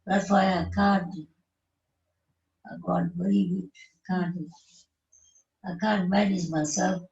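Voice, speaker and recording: A woman in her nineties from South Africa with a South African Indian English accent, telling her life story in halting, broken English while grieving. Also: fairly low pitch, steady tone, a little mellow, recorded from a distance. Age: 90s. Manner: slow, halting broken English with short phrases. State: grieving, emotional. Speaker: interview guest. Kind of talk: tearful life-story recollection. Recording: echoey dull live-stream audio.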